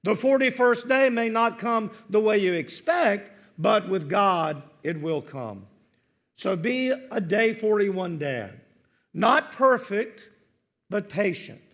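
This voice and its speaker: Male pastor, measured sermon delivery, higher-pitched, gentle falling endings. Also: expressive. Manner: slow, earnest preaching with soft, dropping line endings.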